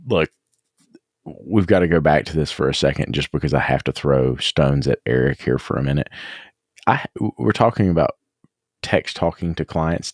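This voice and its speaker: Lively Southern man hosting a podcast. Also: extremely low pitch, dry recording, studio quality. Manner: animated storyteller, laughs often. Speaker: podcast host. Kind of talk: casual chat.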